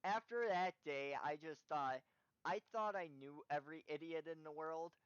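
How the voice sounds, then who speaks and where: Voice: medium pitch, normal speed, clear, resonant tone, no echo, dull audio. Casual YouTube storyteller, rambling with fillers, dry close sound. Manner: rambling, with many "you know" fillers. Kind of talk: casual story time narration.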